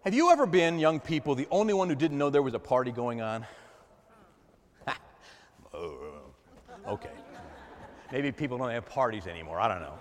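A man preaches to his congregation with animated delivery, his voice climbing fairly high and ranging widely. He acts out voices and swings between loud and soft. A long reverb from the church hall trails his words. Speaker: pastor. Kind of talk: sermon.

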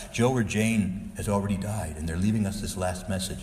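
A man's voice: low-pitched, brisk, hardly any pauses, darkish tone, in a large hall. A male Catholic priest preaching a sermon, earnest and exhorting, sometimes pleading with his listeners.

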